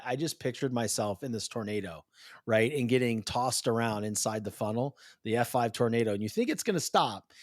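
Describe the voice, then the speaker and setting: A man in his thirties hosts a podcast in a mid-range voice, recorded dry with studio quality. In casual interview chat, he's an animated storyteller who acts out quotes as he tells stories.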